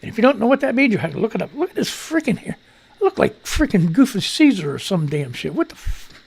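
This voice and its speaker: A man's voice: high voice, very animated, fast talker, creaky, husky. A man hosting a casual live news commentary show, ranting loosely and profanely as he reads and reacts to stories. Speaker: talk show host.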